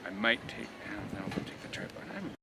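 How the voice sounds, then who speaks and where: A man's voice: on the low side, sing-song, fast talker, heavy background noise. A man chatting casually while walking and filming himself with a handheld camera, rambling through stories on a city street. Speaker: vlogger. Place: outdoors on a city street and in shops. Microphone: handheld camera, no tripod.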